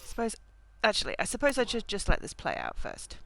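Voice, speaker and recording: A woman's voice: medium pitch, huge pitch swings, brisk, fairly bright tone. A woman streaming a video game from home, chatting casually and making wry remarks at the screen through a desk mic. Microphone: desk mic, levels uneven.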